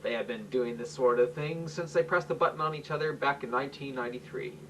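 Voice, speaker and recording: A horned demon drawls slowly and scornfully, as a man puts him on. The voice stays close to a man's own middle pitch. A faint hiss sits under it, and the mic is some distance away. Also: a bit bright, natural voice. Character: scornful horned male demon with glowing eyes.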